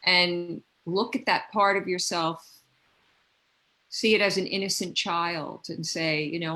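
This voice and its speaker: A woman speaking as a guest in a spiritual conversation, gentle and heartfelt, often restarting her sentences. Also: fairly low pitch, lively intonation, a little slow, rough recording.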